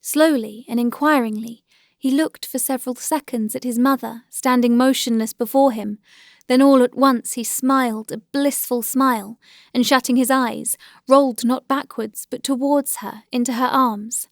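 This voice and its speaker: A woman with a fairly high voice reads a classic novel aloud in measured, gentle storytelling. She is recorded close to a studio mic, and the sound is dry with no room echo. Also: steady tone, gravelly. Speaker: audiobook narrator. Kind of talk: scripted narration of a classic novel.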